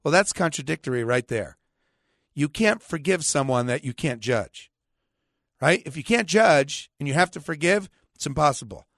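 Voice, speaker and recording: A man's voice: a little high, animated, normal speed, a bit bright, dry recording, studio quality. A man, a pastor hosting a radio talk show, preaching in a combative, sarcastic way and quoting scripture with emphatic repetition.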